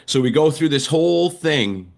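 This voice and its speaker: A man's voice: fairly high pitch, lively intonation, normal speed, creaky. A man, a wrestling announcer and writer, vividly retelling stories as a guest in an interview, acting out the quotes. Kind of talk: animated storytelling in a podcast interview.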